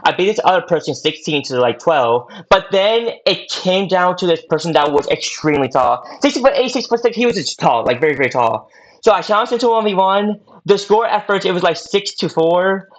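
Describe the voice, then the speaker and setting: A man's voice: high voice, lively intonation, brisk. A young man telling a long personal story on a podcast in a casual, rambling way, full of fillers and repeats. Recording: dull lo-fi audio.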